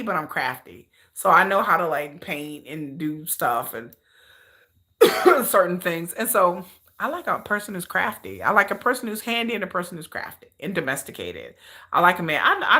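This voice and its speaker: A woman hosting a livestream in casual chat, animated and slangy, often laughing as she talks. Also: fairly low pitch, moderate pace. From United States. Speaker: livestream host.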